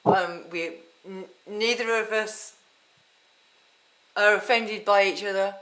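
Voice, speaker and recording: A woman's voice: medium pitch, fairly even intonation, slow pace, a bit bright, rough recording. A woman hosting a podcast interview, playful and teasing in casual chat. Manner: playful, teasing, laughs often. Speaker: podcast host.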